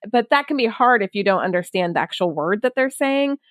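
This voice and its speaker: A woman's voice: medium pitch, lively intonation, fairly quick, no echo, studio quality. A woman hosting a podcast interview, chatty and storytelling, laughing often. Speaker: podcast host.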